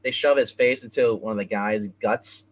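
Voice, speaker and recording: A man hosting a casual comic book review, rambling as he retells scenes and tosses in quick bits of dialogue. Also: lowish voice, rough recording.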